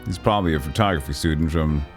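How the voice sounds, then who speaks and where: Deep-voiced man streaming a retro game. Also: fast talker, soft background music. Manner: chatty, laughs at the jokes, reads narration aloud. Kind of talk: livestream gameplay, reading game text aloud.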